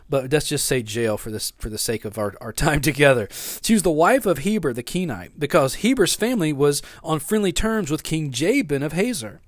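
A male pastor preaching a sermon, reading scripture and telling the story with animated asides to the congregation. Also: medium pitch, normal speed, dry recording, clean studio sound.

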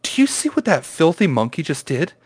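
A man's voice: on the high side, sing-song, fairly quick, husky, no echo, studio quality, voice pushed up. A man voicing a gossiping bartender in a joke, telling it in an incredulous, raised voice. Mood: scandalized.

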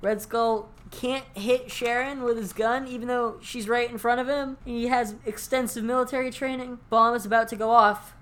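Excited laughing woman podcast host. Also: a little high, a little hiss or hum. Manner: excited, laughing, fast storytelling. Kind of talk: casual chat.

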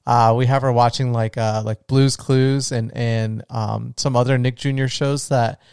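A man's voice: medium pitch, flat delivery, measured pace, gravelly, a little mellow, clean tone, no echo, studio quality. A young adult man hosting his own podcast, chatting casually and gushing with loose restarts. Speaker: podcast host. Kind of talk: casual solo podcast talk.

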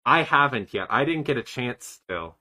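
A man co-hosting a casual commentary podcast, his voice bright and a little sharp. He rambles, swears freely and lets his sentences trail off. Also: medium pitch, expressive, moderate pace, rough recording. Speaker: podcast co-host.

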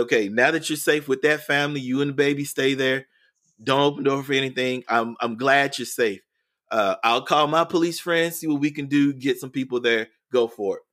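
His voice sits in the middle range with a fairly bright tone. As an educator being interviewed on a podcast, he earnestly builds a story and keeps repeating his phrasing along the way.

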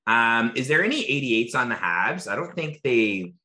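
A man's voice: mid-range voice, lively intonation, normal speed, sharp tone, reverberant. A man hosting a casual podcast, chatty and joking as he asks a guest questions. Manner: chatty, hedging with fillers and jokes. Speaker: podcast host. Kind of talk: casual chat.

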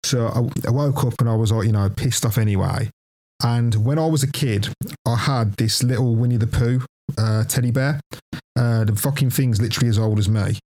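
A man's voice: medium pitch, normal speed. A young man casually telling a story on a podcast, swearing often and laughing as he goes. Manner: animated, swears constantly, laughs through the telling. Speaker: podcast co-host.

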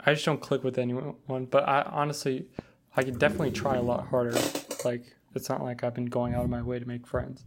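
A man's voice: medium pitch, completely flat delivery, fairly quick, noisy background. A young man in college co-hosting a casual podcast, laid-back and teasing. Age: young adult. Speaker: podcast co-host, college student. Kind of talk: casual chat.

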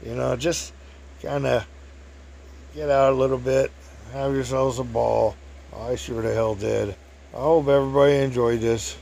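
A man's voice: medium pitch, fairly even intonation, a little slow, gravelly, pauses often, darkish tone. A middle-aged man telling a rambling, folksy story in a casual way.

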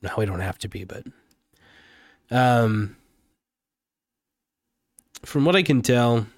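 A man rants into a close mic, angry and rambling, swearing often. His voice sits in a middle pitch and sounds dry, with no room echo at all. It is an unscripted, heated vlog monologue. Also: animated, takes it slowly. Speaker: political vlogger. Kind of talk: unscripted political rant.

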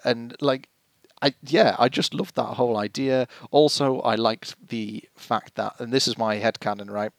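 A man's voice: mid-range voice, fairly even intonation, moderate pace, hardly any pauses, no echo. A man co-hosting a casual podcast, talking in a rambling, hesitant way with frequent restarts. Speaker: podcast co-host. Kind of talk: casual chat about a TV episode.

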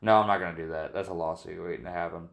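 Deep-voiced joking man. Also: steady tone, rapid-fire, gravelly. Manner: loose, joking storyteller. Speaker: podcast co-host. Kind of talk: casual chat.

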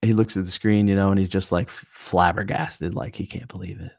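A man's voice: deep voice, little pitch movement, a little fast, gravelly, dry recording, studio quality. A man co-hosting a casual podcast over a video call, rambling with lots of fillers and restarts. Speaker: podcast co-host, streamer.

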